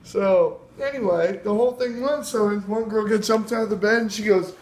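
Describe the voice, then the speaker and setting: A man's voice: high voice, moderate pace. A man telling a wild anecdote in casual, profane talk, acting out the voices of the people in it. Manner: profane, lively storyteller acting out quoted voices. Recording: roomy recording with faint ambient noise.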